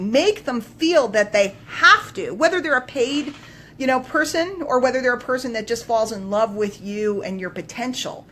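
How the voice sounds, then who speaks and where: Animated woman coach telling a story. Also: fairly high pitch, a little hiss or hum. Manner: animated, emphatic, swings between loud bursts and quiet asides. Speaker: business coach. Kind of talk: live-streamed motivational storytelling.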